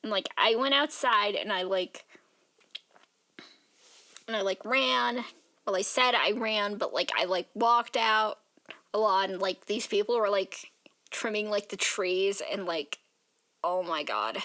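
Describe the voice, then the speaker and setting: A woman's voice: medium pitch, a little slow, pauses often, pushed and bright. A tired young woman chatting casually in a vlog, rambling and filling her talk with "like" as she yawns. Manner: rambling, filler-heavy, says "like" constantly. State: tired, yawning. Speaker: art vlogger.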